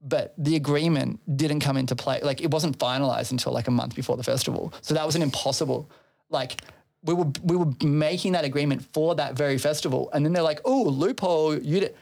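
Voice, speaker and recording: A man's voice: on the high side, steady tone, quick pace, vocal fry, darkish tone. A man who organizes a festival, telling a long story in casual chat, swearing freely and laughing between phrases.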